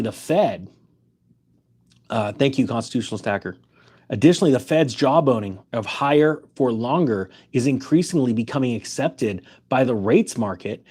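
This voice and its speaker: A man's voice: mid-range voice, a little mellow, breathy edge. A man giving opinionated finance commentary, reading news items aloud and challenging them with emphatic rhetorical questions.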